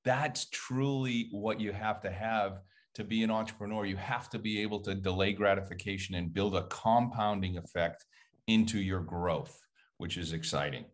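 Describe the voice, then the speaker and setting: A man speaking as a guest on a podcast in a measured, conversational way. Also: fairly low pitch. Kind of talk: casual conversation.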